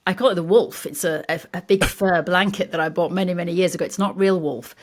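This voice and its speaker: A woman's voice: fairly low pitch, steady tone, fast. A woman, a guest on a craft podcast, chatting in a bubbly, self-mocking way over a video call. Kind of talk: casual chat.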